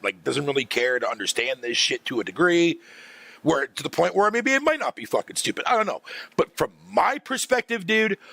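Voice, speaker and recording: A man's voice: on the high side, creaky, fairly bright tone, dry recording. Profane, exasperated man ranting into a dry mic. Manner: profane, exasperated, laughs often, filler-heavy. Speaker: gaming streamer. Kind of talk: ranting casual commentary.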